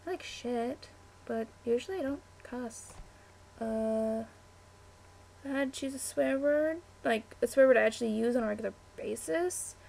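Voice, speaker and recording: A woman's voice: a little high, moderate pace, gravelly, a little mellow, a little hiss or hum. A chatty young woman, answering a word-list meme on webcam, easily distracted and full of "like" and "um". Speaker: vlogger.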